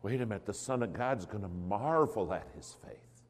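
A male preacher telling a story in a sermon, in an animated, dramatic way. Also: lowish voice, normal speed, big-room sound.

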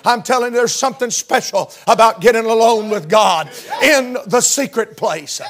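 High-voiced fervent male preacher. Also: moderate pace, faint music behind. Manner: fervent Southern-style preaching, rising to shouts. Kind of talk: sermon.

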